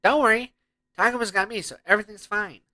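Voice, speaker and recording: A man voicing a small, eager dinosaur monster from a game, high and excited. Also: fast. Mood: cheerful.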